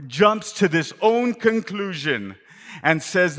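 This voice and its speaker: A man delivering a sermon, repeating rhetorical questions to the congregation and moving between loud impassioned preaching and near-whispers. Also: high voice, expressive, unhurried. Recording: long reverb of a large hall.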